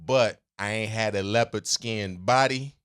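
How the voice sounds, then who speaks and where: A man's voice: on the low side, a little slow, a bit bright, clear, resonant tone. A man co-hosting a podcast, telling a story in a loose, rambling way with many fillers and restarts, and laughing easily. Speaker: podcast co-host. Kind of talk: casual chat.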